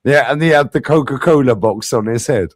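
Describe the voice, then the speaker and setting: A man's voice: medium pitch, brisk, dry recording. A man hosting a heated live fan stream, bantering, swearing and laughing often. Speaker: livestream host. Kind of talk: heated livestream fan debate.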